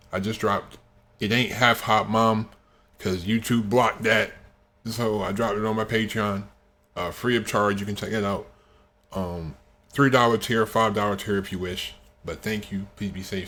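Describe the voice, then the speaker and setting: A man's voice: on the low side, fairly bright tone. A man hosting a reaction video, giving laid-back, amused commentary and signing off to his viewers.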